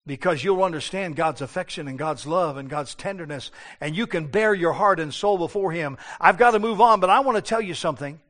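Male preacher, high-pitched, fervent sermon delivery with dramatic hushes. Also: brisk, hardly any pauses. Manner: impassioned, shifting between hushed and loud, acts out biblical voices.

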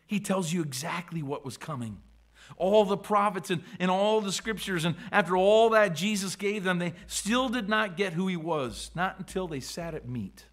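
A man's voice: high-pitched, animated, moderate pace, fairly bright tone. A man preaching a sermon, acting out the voices of scripture figures with dramatic swings and frequent repeated words. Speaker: pastor.

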